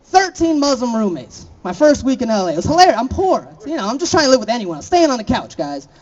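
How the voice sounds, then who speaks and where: A man's voice: very high-pitched, big pitch swings, quick pace, highs cut off. A young man from Florida doing a stand-up set, laughing at his own jokes and throwing chatty asides to the crowd. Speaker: stand-up comedian.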